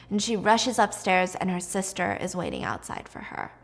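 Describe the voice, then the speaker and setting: A woman's voice: mid-range voice, animated, normal speed, hardly any pauses. A young woman hosting a storytime vlog, talking in a casual, enthusiastic way. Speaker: host. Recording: long echoey room reverb.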